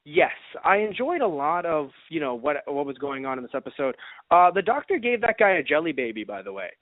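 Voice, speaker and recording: A man's voice: a little high, sing-song, a little fast, no echo. A man co-hosting a casual fan review podcast, talking animatedly, acting out reactions and laughing often. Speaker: podcast co-host. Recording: dry, phone-like lo-fi sound.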